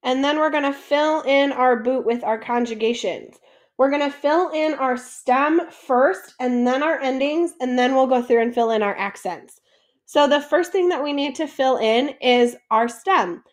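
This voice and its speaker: Woman French teacher, high voice, unhurried, patient, talks through each step. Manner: patient, asks questions then answers them. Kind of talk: classroom lesson explanation.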